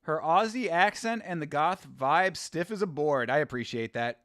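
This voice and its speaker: Lively high-voiced man chatting on stream. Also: moderate pace, dry recording, clean studio sound. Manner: rambling, laughs often, reads chat aloud. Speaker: watch-along host. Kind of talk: casual live-stream chat.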